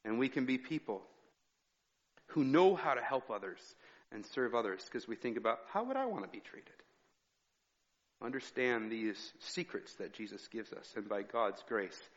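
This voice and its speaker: A man's voice: mid-range voice, normal speed. A male pastor giving a conversational sermon, weaving personal stories into his teaching. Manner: conversational preaching with personal anecdotes. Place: church sanctuary. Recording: reverberant hall, dull sound.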